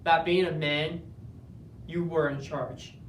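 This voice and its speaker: A man giving an earnest, measured dramatic interpretation performance that builds to moments of intense emphasis. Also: steady tone. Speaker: speech competitor. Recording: roomy, distant, faint rumble.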